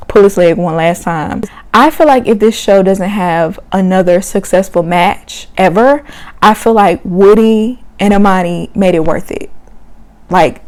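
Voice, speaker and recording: A woman hosting her own vlog, recapping a reality show in a casual, gossipy, expressive way, laughing often and using slang. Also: medium pitch. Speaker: reality TV reviewer, channel host. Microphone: camera mic.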